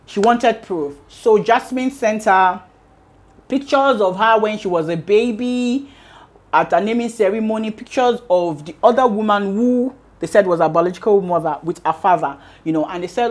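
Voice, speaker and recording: A woman's voice: mid-range voice, moderate pace. A woman hosting a storytelling show, narrating a family drama in a casual, conversational way. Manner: conversational, acts out quotes. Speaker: storyteller host.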